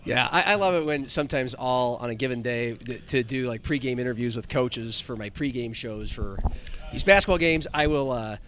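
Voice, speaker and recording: A man hosting a casual sports podcast, who talks haltingly with many restarts. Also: mid-range voice, fairly bright tone, slight background noise. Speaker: podcast host.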